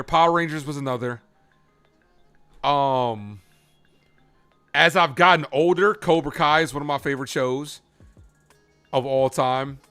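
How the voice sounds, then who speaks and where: A man hosting a live baseball stream, chatting casually with viewers while calling the pitches in an animated way. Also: clean tone. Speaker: live play-by-play streamer and host.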